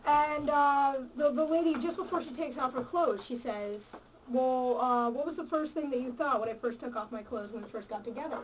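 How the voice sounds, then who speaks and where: A woman's voice: sits high, moderate pace, hardly any pauses, recorded from a distance, a little hiss or hum, rough recording. A woman telling a crude joke to friends, hesitant at times and swearing.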